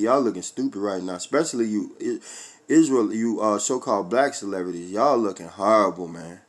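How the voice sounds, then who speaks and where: A man preaching a fiery religious rant, profane and confrontational, swinging between loud outbursts and low muttering while he reads scripture.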